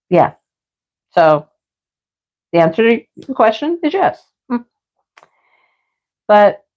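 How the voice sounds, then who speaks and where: A chatty woman hosts a relaxed craft livestream. She rambles warmly from topic to topic, laughs often, and greets her viewers by name in a mid-range voice. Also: medium pitch, dull audio. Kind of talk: casual live chat with viewers.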